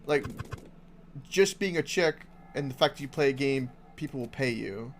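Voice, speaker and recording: A man's voice: mid-range voice, lively intonation, moderate pace, a little hiss or hum. A man streaming a game, chatting casually and rambling with lots of restarts and laughs. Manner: rambling, full of likes and restarts, laughs often. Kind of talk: casual live-stream chat while gaming.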